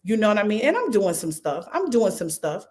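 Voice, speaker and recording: A middle-aged woman pastor with a Philadelphia accent, talking to viewers on a livestream in a lively, repetitive way and calling on them by name. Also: medium pitch, fairly quick. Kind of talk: livestream preaching and fundraising talk.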